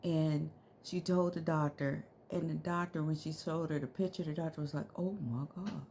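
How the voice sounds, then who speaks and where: A woman's voice: low-pitched, flat delivery, moderate pace, a little mellow, slight background noise. A middle-aged woman telling a story to her viewers in a casual, slangy way, laughing often.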